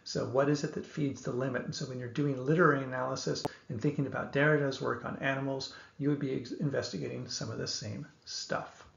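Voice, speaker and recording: Gravelly man lecturing in an echoey room. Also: mid-range voice, steady tone, fairly bright tone, slight background noise. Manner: measured, thinks aloud with small restarts. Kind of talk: explanatory lecture. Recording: echoey room, dull lo-fi sound.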